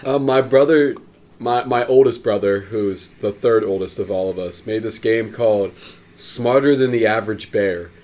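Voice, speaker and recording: A man's voice: fairly low pitch, normal speed, a little mellow. A young man co-hosting a podcast, telling a childhood story in a dry, rambling way. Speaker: podcast co-host. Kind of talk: casual chat. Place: room with a pool table.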